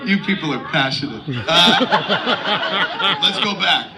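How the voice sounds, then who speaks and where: A man's voice: sits high, animated, slow pace, a loud crowd. A middle-aged man answering audience questions after a screening, telling rambling, profane anecdotes full of impersonations. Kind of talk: post-screening Q&A storytelling. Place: screening room or theater. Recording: distant, noisy live audience recording.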